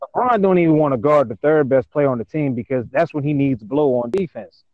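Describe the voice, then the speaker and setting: A man's voice: on the high side, lively intonation, a little fast, phone-quality sound. A man in a casual sports debate, emphatic and often repeating words as he starts a point. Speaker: panelist.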